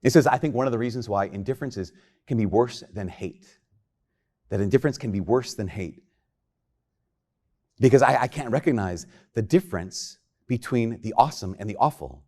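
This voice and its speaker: A priest giving a homily in a conversational, joking way, often acting out quoted lines. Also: male voice, mid-range voice, lively intonation, normal speed, warm tone.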